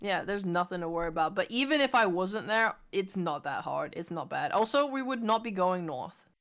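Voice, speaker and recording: Expressive woman ranting on stream. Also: fairly low pitch, normal speed. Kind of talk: casual chat.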